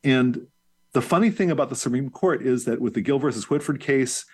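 A man's voice: mid-range voice, brisk, breathy edge. A man who is a professor, explaining at length as a guest in an interview, fluent and lecture-like with occasional fillers.

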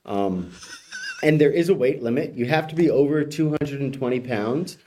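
Wry, mid-pitched male co-host. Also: moderate pace, darkish tone, slight background noise. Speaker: radio co-host presenting headlines. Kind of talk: casual radio talk.

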